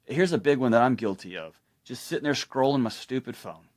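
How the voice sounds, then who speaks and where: Brief: middle-aged male guest expert, animated storyteller, average pitch. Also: a little fast. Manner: animated storytelling, acts out quoted people. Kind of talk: conversational explanation.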